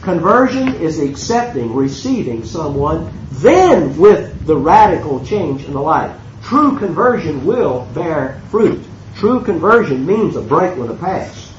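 A man preaches with an emphatic, questioning manner, his voice high and swinging widely in pitch. The sound is roomy and lo-fi, with a dull top end. A faint hiss sits under the talk. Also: sing-song, measured pace. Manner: emphatic, asks the listeners rhetorical questions. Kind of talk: expository sermon teaching.

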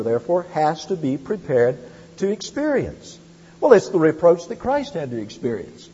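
A man preaching a sermon as pastor, with animated emphasis and quick asides. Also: fairly high pitch, husky. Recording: dull, lo-fi sound with long hall reverb.

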